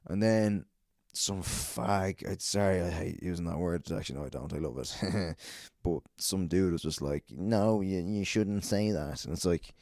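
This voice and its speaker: A man's voice: sits low, normal speed, vocal fry, a little mellow, no room sound, clean studio sound. A man who hosts a podcast and does stand-up, telling a profane, rambling anecdote on his own. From Ireland. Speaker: podcast host and stand-up comedian. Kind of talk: casual solo podcast storytelling.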